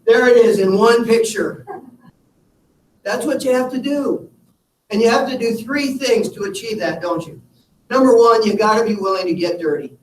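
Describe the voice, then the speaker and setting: A man giving an energetic motivational talk to a live audience, telling stories and speaking to them directly. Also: high voice, moderate pace. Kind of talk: live keynote talk with slides. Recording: echoey hall from far off with faint room noise.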